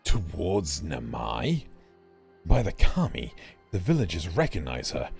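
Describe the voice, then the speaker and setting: A man's voice: sits low, huge pitch swings, a little slow, gravelly, a little mellow, faint music behind, voice pushed down, exaggerated voice. A man reading a stern male samurai companion's lines aloud, with stumbles and hesitations. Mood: urgent. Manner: reading out game dialogue with hesitations.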